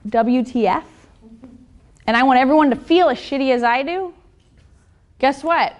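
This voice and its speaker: Blunt, high-voiced woman coach. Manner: blunt and profane, keeps asking the audience "right?". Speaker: business and fitness coach. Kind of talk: motivational seminar talk.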